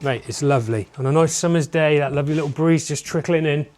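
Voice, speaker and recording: Moving room to room through a holiday lodge, a man gives viewers an upbeat sales walkthrough, speaking fast in a slightly high voice with a darkish tone. His enthusiastic patter keeps addressing the audience, and there's slight background noise.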